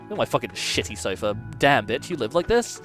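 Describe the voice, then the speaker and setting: A man's voice: medium pitch, sing-song, a little fast, music in the background. A man streamer giving casual gameplay commentary, playful and swearing freely as he muses aloud.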